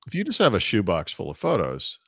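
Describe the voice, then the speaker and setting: A middle-aged American man with a low voice talks through a casual podcast chat. He rambles and restarts often on a close, dry mic. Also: huge pitch swings, fairly quick, vocal fry, a bit bright, husky, no echo. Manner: rambling, many restarts and asides. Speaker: podcast co-host.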